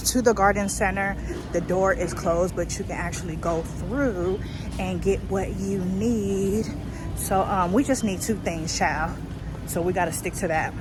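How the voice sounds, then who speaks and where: A woman gardening vlogger from California chatting casually to her viewers, folksy and talkative, calling them y'all. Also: mid-range voice. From California, USA. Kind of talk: casual vlog chat to camera. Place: store aisles and outdoor garden.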